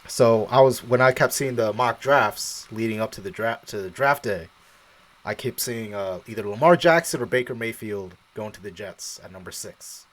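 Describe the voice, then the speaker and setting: Lively man telling a football story. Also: on the low side, normal speed. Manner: animated storyteller who acts out his own past reactions; laughs often. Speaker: co-host of a sports show. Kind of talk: casual live-stream chat.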